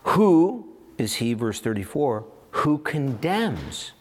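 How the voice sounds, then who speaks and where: A man preaching a sermon as pastor, animated and expressive, voicing little asides and firing rhetorical questions. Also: mid-range voice, slow pace, background noise.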